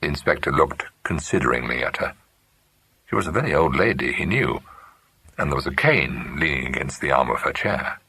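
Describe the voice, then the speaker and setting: A man giving a measured, expressive narration of a classic mystery novel. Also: rumbling low, breathy edge, dry recording. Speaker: audiobook narrator. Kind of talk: scripted narration.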